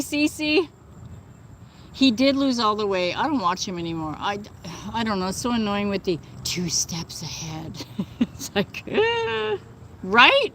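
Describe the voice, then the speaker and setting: Sharp in tone and medium in pitch, this livestream host speaks indignantly as she answers viewers, with many "like" and "you know" fillers. She's outdoors near birds and thunder; the recording is rough, with slight background noise.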